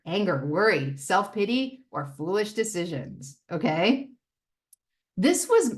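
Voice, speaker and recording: A woman leading a recovery step study in a casual, candid, self-mocking way. She jumps into high mock-voices and drops into low muttered asides. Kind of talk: casual talk on a recovery text.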